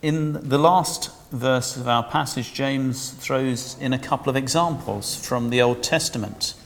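A man preaching a sermon in a lively, conversational way, asking his listeners questions. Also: mid-range voice, measured pace, long reverb tail.

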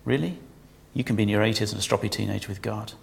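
A man's voice: fairly low pitch, quick pace, gravelly, slight background noise. A man preaching a sermon in a conversational, humorous way, asking his congregation questions.

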